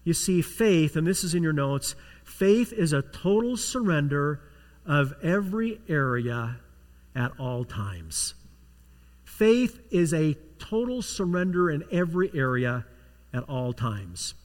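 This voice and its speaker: A man's voice: a little high, sing-song, takes it slowly. A man preaching a sermon as pastor, telling a story with rising intensity and acting out the voices of the people in it. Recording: long hall reverb.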